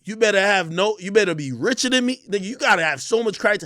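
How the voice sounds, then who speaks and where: A young man from Jamaica rants hard on a livestream, brash, profane and full of bravado. His voice sits high for a man, and the sound is close and dry with no room behind it. He swings from near shouting down to low, fast muttering. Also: expressive, no room sound. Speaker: livestream host. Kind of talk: heated ranting livestream.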